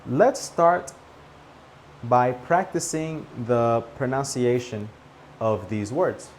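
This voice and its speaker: A man teaching English pronunciation, slowly over-articulating each word to camera. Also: medium pitch, a little mellow, slight background noise, low-quality recording. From Latin America. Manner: slow, carefully over-articulated demonstrations.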